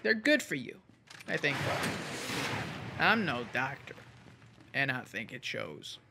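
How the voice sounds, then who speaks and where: A man's voice: medium pitch, big pitch swings, slow pace, gravelly, background noise. A man giving casual, jokey commentary while playing a game, rambling, swearing and muttering to himself. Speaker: gaming channel host.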